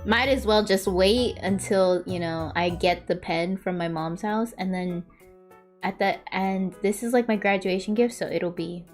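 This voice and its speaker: A woman in her twenties chatting casually while drawing on stream, telling stories with frequent laughter and high-pitched impressions of relatives. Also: a little slow, soft background music. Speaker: vtuber streamer.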